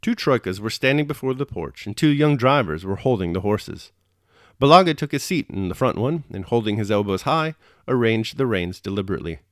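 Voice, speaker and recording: Low-voiced man reading a novel aloud. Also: lively intonation, a little fast, no echo, studio quality. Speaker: audiobook reader and host.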